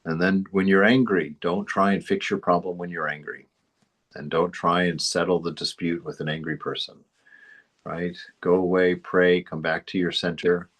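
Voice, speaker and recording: A man's voice: deep voice, flat delivery, normal speed, a bit bright. A man giving an informal spiritual teaching, rambling into anecdotes and chuckling often. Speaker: spiritual study group teacher.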